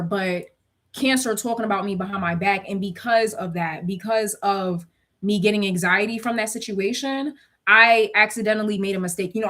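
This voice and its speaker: A young woman telling her viewers a workplace story in a casual, gossipy way, acting out what everyone said. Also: fairly high pitch. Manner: gossipy, animated retelling with quoted dialogue and bursts of laughter.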